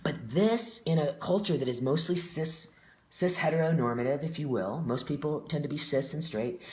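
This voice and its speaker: A man's voice: a little high, moderate pace, darkish tone. Earnest man talking in an echoey room. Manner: reflective and earnest, with frequent fillers. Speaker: guest. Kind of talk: casual conversation.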